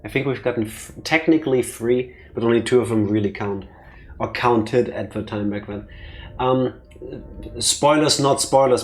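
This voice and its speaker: A man hosting a let's play, chatting and joking casually about the game. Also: fairly low pitch. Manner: joking, chatty, quick to tease. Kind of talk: casual gaming commentary.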